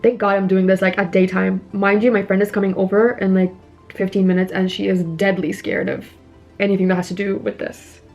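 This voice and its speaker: A woman's voice: medium pitch, level tone, fairly quick, darkish tone, soft background music. A young woman chatting casually while doing her makeup, retelling a horror film scene by scene with lots of "like" fillers and acting out bits of dialogue. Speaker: beauty vlogger recapping a horror film. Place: indoors at home.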